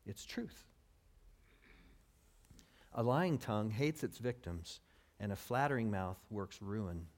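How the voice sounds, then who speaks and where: A man preaching a sermon in a lively, conversational way, asking his listeners questions and acting out what people say. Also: on the low side, slow pace. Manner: lively, conversational, acts out quoted speech; asks the audience questions. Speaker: pastor.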